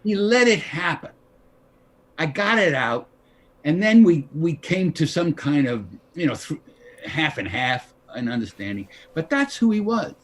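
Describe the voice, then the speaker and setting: An older actor telling a story over a video call, animated, acting out the lines of the people in his story. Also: fairly high pitch, measured pace. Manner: animated, acts out quoted dialogue. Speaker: guest actor. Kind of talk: anecdotal storytelling.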